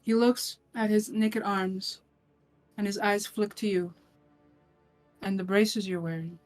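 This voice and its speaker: A woman's voice: medium pitch, steady tone, takes it slowly, a little mellow, soft background music. A woman running a tabletop game as game master, narrating scenes in detail and often restarting her phrases. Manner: descriptive, with frequent restarts.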